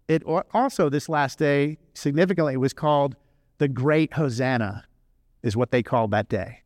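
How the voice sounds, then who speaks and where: A man preaching a sermon, animated and emphatic, switching between rushed runs and slow drawn-out phrases. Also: medium pitch, no room sound, clean studio sound. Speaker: pastor.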